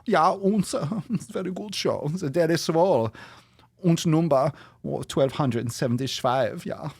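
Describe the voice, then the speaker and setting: A man's voice: on the high side, a little slow, a little mellow, husky, no echo, voice pushed up. A man putting on a campy, cheerful German man with an exaggerated German accent, gushing in a singsong way. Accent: put-on German.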